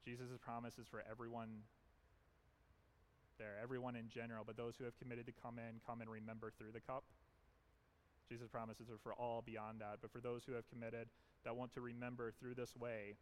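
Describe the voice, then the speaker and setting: Male pastor, mid-pitched voice, earnest emphatic sermon delivery. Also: level tone, fairly quick, slight background noise. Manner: earnest, emphatic preaching with repetition. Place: church.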